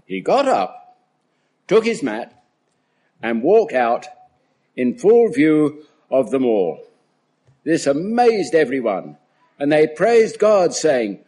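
A breathy-voiced man reads scripture aloud in church, taking his time over each phrase. His pitch moves a lot as he tells the story, and it sits a bit high for a man. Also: very animated, warm tone. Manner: careful, unhurried storytelling. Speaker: Bible reader.

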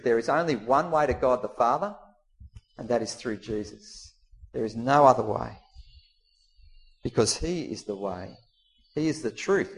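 A man with an Australian accent preaching a sermon, who acts out the lines of Jesus and the disciples with his voice rising and falling. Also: mid-range voice. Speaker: pastor.

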